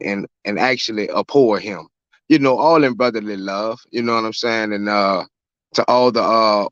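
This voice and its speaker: A man's voice: lowish voice, fairly bright tone, clear, resonant tone, dry recording. A man on a live online panel, arguing for his faith in a preachy way and restarting his sentences often. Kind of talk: religious debate on a live panel. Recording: dull lo-fi call audio.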